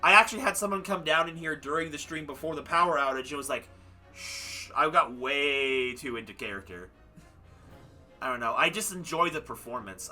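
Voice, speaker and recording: A young man with a very bright, fairly high voice talks loosely into a desk mic, rambling and poking fun at himself. He sounds worn out after a long stream, and soft game music plays faintly behind him. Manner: chatty, rambling, self-deprecating. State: tired. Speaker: livestreamer. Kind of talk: casual chat wrapping up a game stream.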